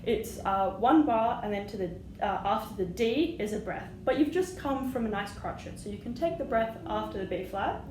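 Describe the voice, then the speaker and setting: A woman's voice: medium pitch, expressive, normal speed, hardly any pauses. A woman teaching flute, patient and encouraging, singing rhythms aloud as she explains. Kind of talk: music lesson. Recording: echoey room with audible noise.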